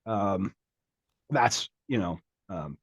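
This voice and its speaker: A man co-hosting a comedy podcast, talking in a halting, mock-serious way with lots of restarts. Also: low-pitched, expressive, husky, no room sound, dull audio. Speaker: podcast co-host. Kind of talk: casual comedic banter.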